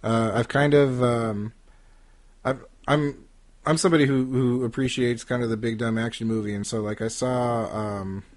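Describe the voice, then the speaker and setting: A man talks as a guest on a casual movie podcast. He speaks at a middling pitch and stumbles through his points, full of hedges and restarts. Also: fairly even intonation. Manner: halting, with many restarts and hedges. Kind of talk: casual chat.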